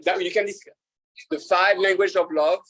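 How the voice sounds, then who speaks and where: A man, a rabbi, talking casually to an audience, halting with fillers and restarts and laughing at his own jokes. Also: sits high, fairly even intonation, pushed and bright, poor audio.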